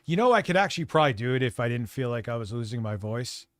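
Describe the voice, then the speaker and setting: A man hosting a livestream, ranting and mocking in a profane, rapid commentary. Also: medium pitch, animated, no echo, studio quality. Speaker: streamer host.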